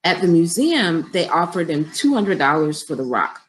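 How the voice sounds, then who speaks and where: A woman's voice: fairly low pitch, big pitch swings, moderate pace, slight background noise, poor audio. A middle-aged woman business coach talking conversationally and directly to her viewers on a live stream, with features.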